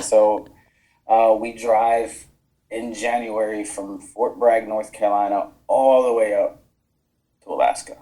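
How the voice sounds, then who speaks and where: A man's voice: fairly low pitch, slow, dark tone, rough recording. A man, an army veteran, telling his story in a casual, frank way on a podcast, swearing freely and acting out the dialogue he quotes. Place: podcast studio.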